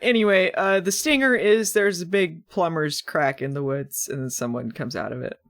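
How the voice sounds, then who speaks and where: A woman's voice: lowish voice, normal speed. A woman co-hosting a podcast, chatting casually about a TV episode, full of fillers and frequent laughs. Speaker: podcast co-host. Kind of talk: casual chat recapping a TV episode.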